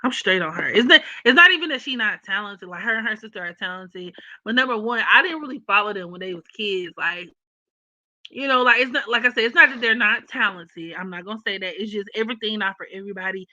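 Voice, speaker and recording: A woman's voice: mid-range voice, lively intonation, fast, bright, forceful tone, no room sound, muffled recording. A woman vlogger talking about astrology in a blunt, opinionated, slangy casual chat.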